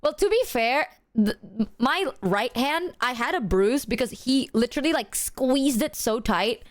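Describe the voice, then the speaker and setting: A young woman streaming, her voice sitting a little high and recorded dry and close. She tells her story to chat loosely and animatedly. Fillers and casual swearing spill out as she goes. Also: expressive, measured pace, no room sound.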